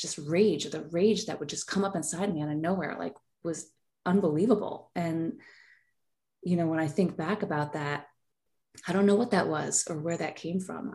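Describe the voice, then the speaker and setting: Low-voiced woman telling a candid story. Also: darkish tone. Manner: rambling, heartfelt, many fillers. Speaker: podcast guest.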